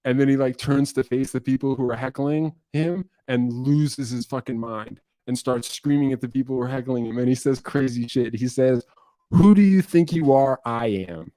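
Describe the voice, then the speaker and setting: A young man from New Jersey chats through viewer questions in a loose, rambling way. He swears freely and pokes fun at himself. His voice is mid-pitched, and it sounds dry and close with no room echo. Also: flat delivery, normal speed, hardly any pauses, dark tone. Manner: rambling, profane, self-deprecating. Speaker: musician answering viewer questions. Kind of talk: casual livestream Q&A.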